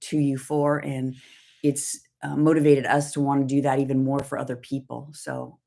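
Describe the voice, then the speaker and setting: A woman's voice: very deep voice, level tone, moderate pace, vocal fry, mellow. Woman telling a personal devotional story. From Southern California. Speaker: co-host. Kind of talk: livestream devotional talk.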